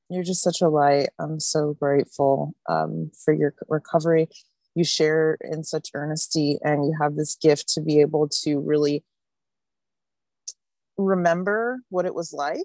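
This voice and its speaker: A woman sharing at an online recovery meeting. Her voice is low, the sound is dry and close, and her manner is earnest and halting, full of small fillers. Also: darkish tone, no echo. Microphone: video call.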